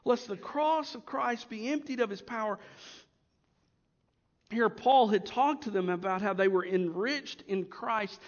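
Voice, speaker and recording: A man preaching a sermon as pastor, swinging between loud emphasis and hushed asides. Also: high voice, measured pace, long reverb tail, highs cut off.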